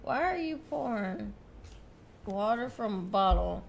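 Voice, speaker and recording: A woman's voice: mid-range voice, animated, measured pace, vocal fry, slight background noise. A woman co-hosting a casual reaction stream, teasing and playful. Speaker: streamer co-host.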